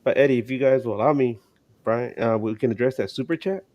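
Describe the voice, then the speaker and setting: A man's voice: mid-range voice, fast talker, no echo, dull audio. A man co-hosting a casual sports podcast, talking in a rambling way with many restarts and fillers. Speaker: podcast co-host.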